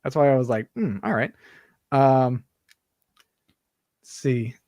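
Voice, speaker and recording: A man's voice: mid-range voice, animated, slow pace, darkish tone, dry recording. A man co-hosting a podcast in casual chat, blunt, cracking crude jokes and swearing freely. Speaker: podcast co-host.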